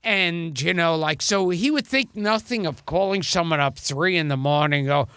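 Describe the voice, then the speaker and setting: A man's voice: on the high side, normal speed, fairly bright tone, clear, resonant tone, dry recording, clean studio sound. A man telling comic show-business anecdotes in casual chat, stammering and restarting as he acts out quotes. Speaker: comedian guest.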